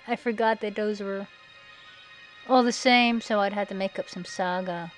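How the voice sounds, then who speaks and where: A woman's voice: fairly even intonation, normal speed, poor audio. Sarcastic woman mocking, music behind. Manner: mocking, sarcastic, puts on shrill quoted voices. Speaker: video narrator. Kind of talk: sarcastic commentary over images. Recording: faint background music.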